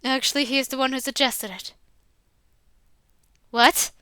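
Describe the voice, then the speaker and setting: A stern, formal older headmaster scolds in measured, lecturing sentences, as a woman reads his part. The tone is bright and crisp, close and dry, as in a visual novel reading. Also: high voice, dry recording. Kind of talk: visual novel read-aloud.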